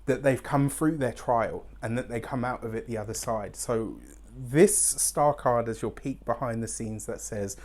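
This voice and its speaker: A man's voice: medium pitch, moderate pace, darkish tone. A man giving an effusive weekly tarot reading to camera, often checking in with "right?" and openly emotional. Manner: emotionally open, near tears at times. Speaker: tarot reader.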